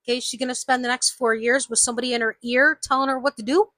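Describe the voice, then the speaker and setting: A woman's voice: a little high, steady tone, fast, bright, forceful tone, no echo. A woman vlogger giving a casual opinion monologue, emphatic, repeating her points and asking "okay?".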